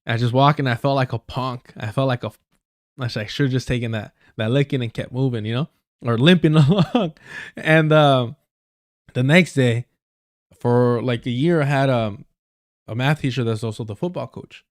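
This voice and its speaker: A man's voice: mid-range voice, moderate pace, no echo, studio quality. A man hosting a livestream, ranting in casual commentary. He is blunt and profane, uses a lot of slang, repeats himself for emphasis, and stops to correct himself mid-sentence. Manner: storytelling with repeated phrases and self-corrections. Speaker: livestream host.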